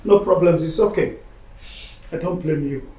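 A man's voice: a little high, moderate pace, mellow, reverberant, natural voice. A man playing a bitter, sarcastic widowed father in a Nigerian film drama, with a Nigerian accent. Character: bitter widowed father, mocking and self-pitying. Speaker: wife's father.

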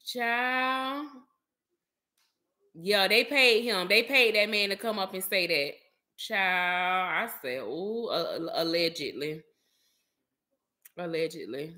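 A woman vlogger in casual gossip chat, animated and chatty, talking straight to her viewers and calling them child, baby and honey. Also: medium pitch. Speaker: vlogger host.

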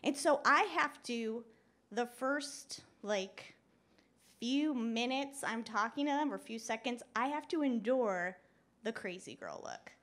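A woman telling a story on stage at a live show, chatty and animated, laughing often and using lots of "like" and "you know". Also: on the high side, unhurried. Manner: laughs often while talking. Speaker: guest speaker. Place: live show at a club venue.

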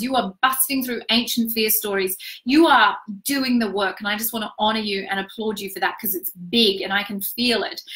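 Woman, intuitive reader; higher voice, bright and forceful; emphatic, flowing, affirming delivery. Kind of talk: live spiritual reading session.

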